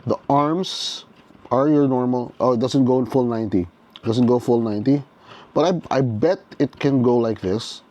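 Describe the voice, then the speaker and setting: A toy reviewer with a mellow, mid-range voice does a casual unboxing at a moderate pace, thinking aloud as he goes. He restarts often, checks in with "okay?", and is clearly enthusiastic about the toy.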